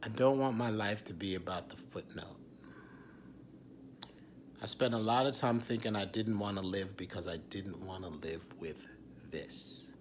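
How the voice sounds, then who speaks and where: A man in his forties, an actor, talking candidly in a confessional vlog, raw and intense, often dropping to a hushed whisper and swearing freely. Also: on the low side, measured pace, a little hiss or hum. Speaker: actor and writer.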